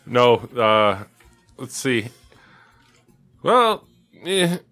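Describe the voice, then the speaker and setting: A man's voice: medium pitch, sing-song, very slow, sharp tone, soft background music. A man co-hosting a casual podcast, laid-back and chuckling as he tells jokes. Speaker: podcast co-host. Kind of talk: casual joke-telling chat.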